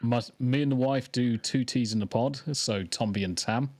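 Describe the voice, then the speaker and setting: A man's voice: medium pitch, normal speed, darkish tone, no room sound. English man, chatty podcast guest. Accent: mixed English. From England. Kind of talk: casual podcast chat.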